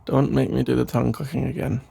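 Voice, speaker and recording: Man doing a gravelly sleepy boyfriend, whispered role-play. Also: mid-range voice, level tone, quick pace. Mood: teasing. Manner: soft sleepy voice, playful rambling. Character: caring, rambling boyfriend putting partner to bed. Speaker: ASMR role-play creator.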